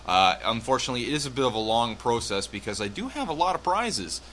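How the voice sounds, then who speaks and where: A man's voice: mid-range voice, very animated, fast talker, a bit bright, a little hiss or hum. A man hosting a radio show as DJ, talking casually between tracks with lots of fillers and wry asides.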